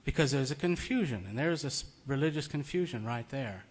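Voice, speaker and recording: A man's voice: mid-range voice, expressive, brisk, breathy edge. Folksy man preaching conversationally. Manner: conversational, storytelling, chuckles often. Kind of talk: informal sermon. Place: meeting room.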